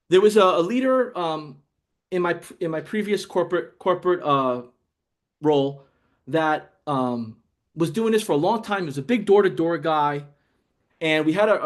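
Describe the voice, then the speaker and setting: A man giving a casual motivational sales talk to camera, excitable and telling stories with acted dialogue. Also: sits high. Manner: excitable, storytelling with acted dialogue, many restarts. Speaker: sales coach.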